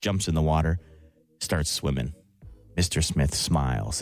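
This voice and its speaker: A deep-voiced young man tells a long joke on a radio show. He is playful and quick to laugh. A little music plays faintly under his voice. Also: darkish tone. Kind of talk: casual radio banter, telling a long joke.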